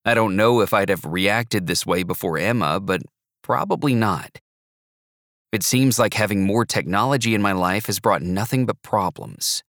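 A man with a low voice reads a first-person novel aloud, wry and measured in his delivery. The recording is dry and close, with no echo at all. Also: fairly bright tone. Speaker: narrator. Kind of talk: first-person audiobook narration.

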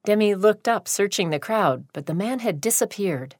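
A woman narrating a short story in a slow, deliberate reading. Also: medium pitch, lively intonation, no room sound, clean studio sound.

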